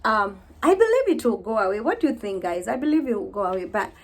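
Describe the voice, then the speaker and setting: A woman in her thirties vlogging to camera in a casual, heartfelt way, weary and low, repeating herself as she talks of faith. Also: sing-song, quick pace.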